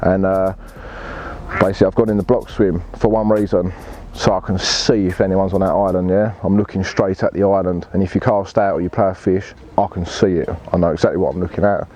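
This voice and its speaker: A man's voice: deep voice, level tone, brisk, warm tone. A man telling a fishing story in blunt, laddish slang and swearing freely. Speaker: angler telling his story. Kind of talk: casual storytelling.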